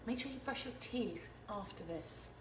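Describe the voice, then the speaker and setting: A woman's voice: a little high, lively intonation, moderate pace. A woman hosting a home cooking stream, chatting in an easygoing, giggly way while she cooks. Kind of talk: casual chat while cooking. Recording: echoey room with faint noise.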